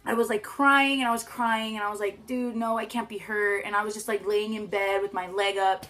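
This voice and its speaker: A teenage girl casually telling a story time vlog, chatty with lots of "like" and swearing, acting out quotes loudly. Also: mid-range voice, fairly even intonation, a little fast. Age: teens. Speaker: vlogger.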